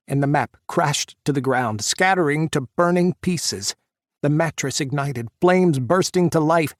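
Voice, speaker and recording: A man narrating an audiobook, voicing the characters' shouts during the action scenes. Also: medium pitch, dry recording, studio quality. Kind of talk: scripted narration.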